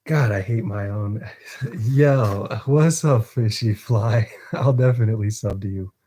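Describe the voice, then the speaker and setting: A man's voice: on the low side, unhurried, mellow. A man hosting a casual live stream, chatting with viewers and reading a novel aloud. He laughs often and stumbles over words.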